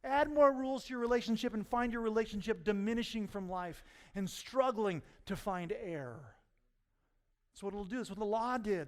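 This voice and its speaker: A man preaching a sermon as pastor, telling stories and swinging from quiet asides to near-shouts. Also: high-pitched, in a large hall. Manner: storytelling, rising to near-shouts at punchlines. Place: church sanctuary.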